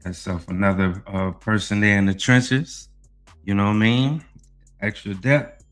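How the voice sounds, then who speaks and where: Low-voiced man ranting on a podcast. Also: unhurried. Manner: animated, profane, heavy use of "you know what I mean". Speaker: podcast host. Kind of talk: casual sports podcast talk and rant. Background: faint music.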